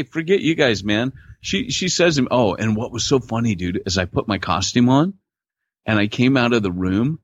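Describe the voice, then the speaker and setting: A man's voice: medium pitch, no echo. A man co-hosting a podcast, telling stories in casual chat with laid-back slang over a remote call mic. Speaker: podcast co-host. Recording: dull lo-fi dry audio.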